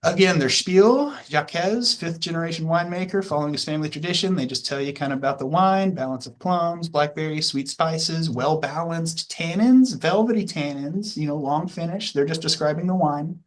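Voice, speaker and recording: A man's voice: fairly high pitch, normal speed, few pauses. A man teaching a class, walking through the details in a casual, rambling way with many fillers and restarts. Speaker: instructor. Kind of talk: classroom lecture.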